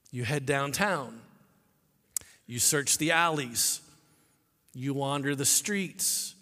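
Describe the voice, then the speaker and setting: A man's voice: high-pitched, bright, forceful tone. A man preaching a sermon, telling a story dramatically and acting out the people in it. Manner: dramatic storytelling, acts out voices. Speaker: pastor. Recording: long hall reverb.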